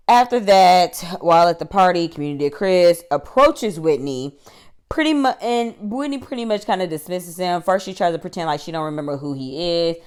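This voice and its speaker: A woman's voice: low-pitched, darkish tone. A woman recapping a TV episode for her channel in a chatty, slangy way, laughing often. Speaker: YouTube TV reviewer.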